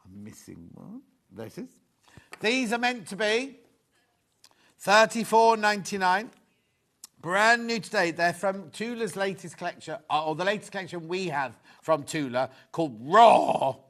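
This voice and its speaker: Middle-aged male shopping host, rambling and jokey, slightly high-pitched. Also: measured pace, fairly bright tone. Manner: chatty, rambling, jokey asides. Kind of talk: live TV selling, casual chat.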